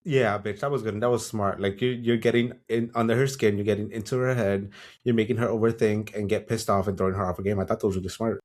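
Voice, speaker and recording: A man's voice: on the low side, fast talker. A man co-hosting a podcast, chatting casually and frankly about a TV show. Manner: relaxed, agreeable, frank and salty. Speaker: podcast co-host. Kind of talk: casual chat reviewing a TV show.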